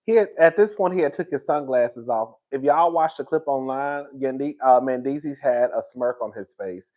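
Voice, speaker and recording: A man riffs through celebrity gossip, animated and playful, chuckling as he talks to his audience. His voice sits at an ordinary middle pitch for a man. He is the regular host of the show. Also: moderate pace. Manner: animated and gossipy, laughing between lines, calls his viewers "girl". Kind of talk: reaction commentary.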